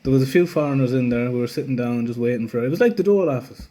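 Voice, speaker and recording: A man's voice: mid-range voice, rapid-fire, dark tone. A young man telling a story casually, rambling, swearing freely and acting out other people's lines. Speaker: vlogger.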